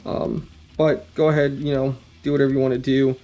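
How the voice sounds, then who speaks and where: A man explaining guitar setup in a relaxed, rambling way, with many ums and some blunt cursing. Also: mid-range voice, a little fast, lo-fi sound. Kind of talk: casual instructional talk.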